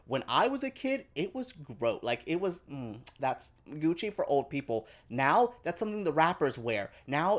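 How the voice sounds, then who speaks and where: A man giving a casual film review to camera, chatty and animated, with quick asides and playful exaggeration. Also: on the high side.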